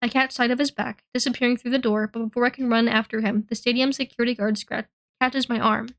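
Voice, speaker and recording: A woman reading a novel aloud in the first person, telling the story in an expressive, earnest way. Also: fairly high pitch, fast. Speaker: reader.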